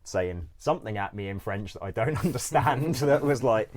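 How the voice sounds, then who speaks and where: Deep-voiced man telling rambling stories. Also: lively intonation, moderate pace, a little mellow. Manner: rambling, full of "like", swears freely, laughs often. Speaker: interview guest. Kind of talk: casual storytelling.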